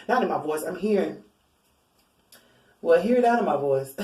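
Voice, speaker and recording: Tarot reader woman, relaxed chatty delivery, a little off-mic in an echoey room. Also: on the low side, moderate pace, long pauses. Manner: chatty, informal, laughs often. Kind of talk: casual spiritual reading. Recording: roomy, a bit far from mic.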